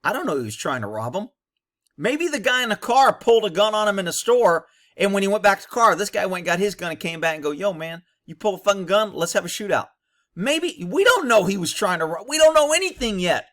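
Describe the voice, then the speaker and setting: Ex-cop man commenting on footage, higher-pitched and bright, blunt and opinionated. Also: big pitch swings, fast. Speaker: former police officer commentator. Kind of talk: commentary over bodycam footage.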